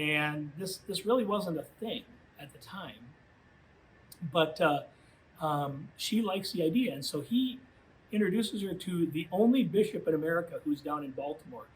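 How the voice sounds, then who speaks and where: Chatty youth minister, slightly high voice. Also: male voice, a little hiss or hum, low-quality recording. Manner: conversational, full of "you know" fillers. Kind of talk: storytelling talk to high school students.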